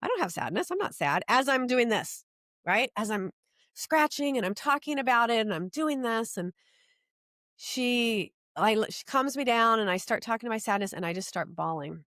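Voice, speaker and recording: A middle-aged woman, a podcast guest, telling her personal story in an earnest, animated way. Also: fairly high pitch, moderate pace, no echo, studio quality.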